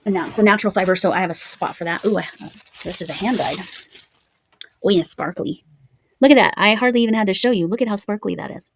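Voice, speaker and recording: A woman's voice: mid-range voice, fast, a little hiss or hum. A woman crochet vlogger chatting casually at home, musing aloud as she reads out yarn labels. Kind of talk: casual show-and-tell chat.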